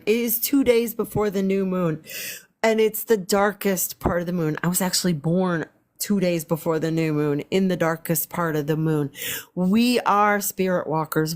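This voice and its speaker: Woman, spiritual healer on a live stream; slow, wandering delivery full of ums and repeated phrases. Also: on the low side. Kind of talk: casual spiritual livestream talk.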